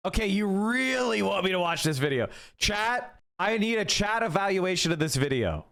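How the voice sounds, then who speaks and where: Man, streamer, sarcastic, profane, animated, bouncy intonation, reaction commentary. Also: sits high, moderate pace, vocal fry, few pauses.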